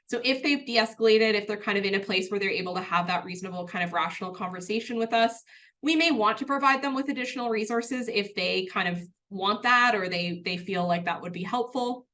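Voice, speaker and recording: A woman's voice: mid-range voice, brisk, bright, forceful tone. A woman presenting a workplace training webinar in an earnest, conversational way, with a touch of self-deprecating humour.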